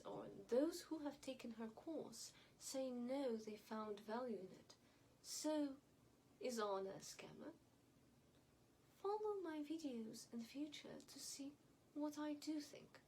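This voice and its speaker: High-pitched woman vlogging, slow and wry, faint hiss in the background. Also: lively intonation, darkish tone, low-quality recording. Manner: opinionated, wry, speaks deliberately with mocking repetition. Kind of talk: casual commentary to camera.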